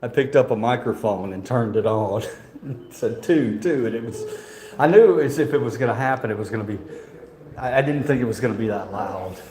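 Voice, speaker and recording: A man's voice: mid-range voice, a little fast. A man, chatting and joking as he vlogs his walk through a museum on a handheld phone. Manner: chatty, joking, rambling, laughs often. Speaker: vlogger. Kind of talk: casual vlog walkthrough. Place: indoor museum halls. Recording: echoey museum rooms, faint ambience.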